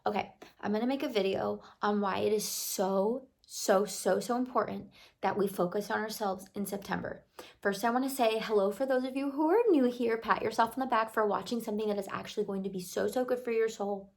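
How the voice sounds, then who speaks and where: A woman's voice: mid-range voice, fairly quick, vocal fry. A young woman who is losing her voice, chatting to her viewers in a gushing, friendly vlog. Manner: warm, gushing, talks to viewers like a close friend. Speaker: lifestyle vlogger. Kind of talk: chatty talking-to-camera vlog.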